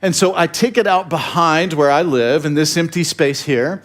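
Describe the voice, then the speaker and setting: A male pastor with a fairly high-pitched voice tells a story in his sermon. He talks casually, with fillers and restarts. He pokes fun at himself and chuckles along the way. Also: normal speed, a bit bright. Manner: humorous, self-deprecating, chuckling asides.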